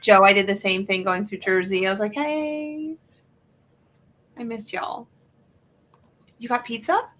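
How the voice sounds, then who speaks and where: Bright, playful woman chatting. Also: mid-range voice, fairly even intonation, normal speed, long pauses. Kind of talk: casual chat.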